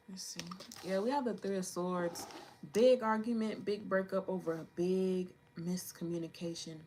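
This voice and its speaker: A woman's voice: on the low side, a little mellow, slight background noise, low-quality recording. A woman giving a casual tarot reading, talking in a chatty, slangy way as she thinks aloud about the cards. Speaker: tarot reader. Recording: clicks and card shuffling behind.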